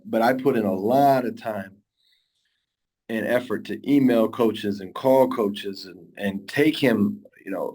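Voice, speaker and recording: A man with a fairly low voice speaks in a relaxed interview, sounding earnest and heartfelt. He rambles and restarts his sentences often as he reflects on coaching young players. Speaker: high school football coach. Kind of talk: casual interview talk.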